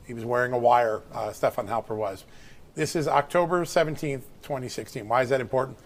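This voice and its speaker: Fast-talking male news guest. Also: medium pitch. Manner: rapid, explanatory, quotes documents. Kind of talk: brisk news interview explanation.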